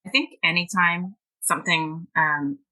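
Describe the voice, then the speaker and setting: A woman's voice: on the low side, fairly even intonation, measured pace, pushed and bright, rough recording. A woman, a guest author and language teacher, talking emphatically and at length in a podcast interview. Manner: passionate, emphatic and talkative.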